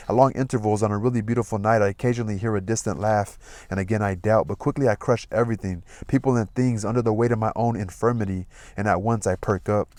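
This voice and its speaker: A man reading a novel aloud in a measured, expressive way. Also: on the low side, no room sound. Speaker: audiobook reader.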